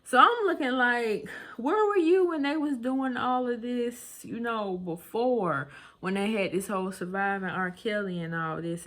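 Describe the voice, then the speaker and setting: A woman's voice: fairly high pitch, lively intonation, measured pace, a bit bright. A woman vlogger hosts a celebrity gossip segment and talks right to her viewers. She is sassy and chatty, laughing and exclaiming between remarks. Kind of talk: casual celebrity gossip commentary.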